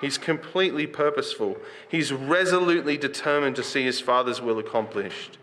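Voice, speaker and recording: A man's voice: medium pitch, fairly quick, a bit bright. A man preaching a sermon in a conversational way, reading scripture and putting questions to his listeners. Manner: reads scripture aloud with rising emphasis.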